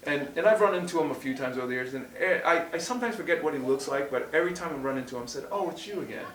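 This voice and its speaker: A man casually telling a martial arts story, animated and full of restarts, acting out what people said. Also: a little high, very fast. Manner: animated, acts out quotes loudly, many restarts. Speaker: martial arts instructor co-host. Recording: roomy echo, distant from mic.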